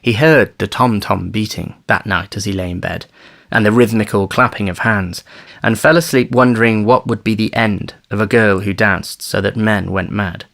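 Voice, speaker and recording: Low-voiced male audiobook narrator. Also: steady tone, moderate pace, vocal fry, a bit bright. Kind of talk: scripted narration.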